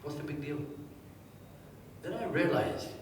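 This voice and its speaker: A man giving a live seminar, quizzing the audience and telling anecdotes in a lively way. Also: fairly high pitch, a little slow, a little hiss or hum. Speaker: motivational speaker. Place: large hall with a live audience. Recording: echoey hall, distant mic.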